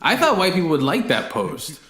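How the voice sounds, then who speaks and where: A man's voice: a little high, huge pitch swings, a little fast, a bit bright, reverberant. A man co-hosting a podcast in casual chat, ranting bluntly with lots of swearing. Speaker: podcast co-host.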